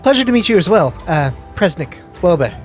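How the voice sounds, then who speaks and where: Lively, slightly high-voiced man playing a tabletop game. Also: fairly quick, faint music behind. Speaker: player.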